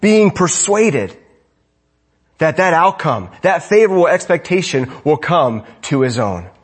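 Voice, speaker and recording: A man's voice: fairly high pitch, very animated, moderate pace, breathy edge. A man preaching a sermon as pastor, conversational, often asking his congregation rhetorical questions.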